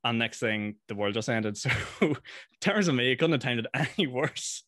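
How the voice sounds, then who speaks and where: Laughing Northern Irish podcast host. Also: male voice, medium pitch, expressive, moderate pace, a bit bright, no echo, studio quality. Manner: laughs often, easygoing questions. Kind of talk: casual podcast chat.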